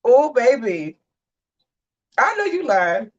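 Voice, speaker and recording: A woman's voice: a little high, slow, distant mic, lo-fi sound. Sassy woman hosting a live chat show. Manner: animated, sassy, talks back to chat. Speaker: host of a live commentary show. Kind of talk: livestream commentary reading chat.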